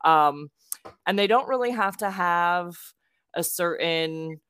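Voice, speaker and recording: A woman's voice: on the low side, animated, takes it slowly, a bit bright, clean tone. A young woman from South Florida, co-hosting a podcast and telling a casual story with plenty of ums and laughs between sentences. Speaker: podcast co-host.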